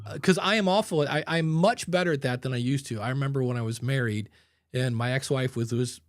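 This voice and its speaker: A man's voice: mid-range voice, no echo, clean studio sound. A man hosting a podcast, chatting casually and acting out the voices in his stories. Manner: animated storyteller acting out quotes. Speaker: podcast host. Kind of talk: casual conversation.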